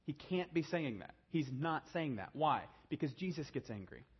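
A man preaching a sermon, swinging from hushed, low emphasis to raised, urgent delivery. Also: big pitch swings, normal speed, breathy edge, dull audio. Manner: dynamic preaching, drops to a hushed low voice then rises. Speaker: pastor.

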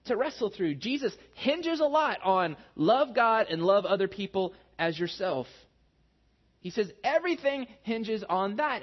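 A man's voice: sits high, slightly rough. A man in his thirties preaching a sermon in a conversational, self-deprecating storytelling manner. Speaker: pastor. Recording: muffled lo-fi sound.

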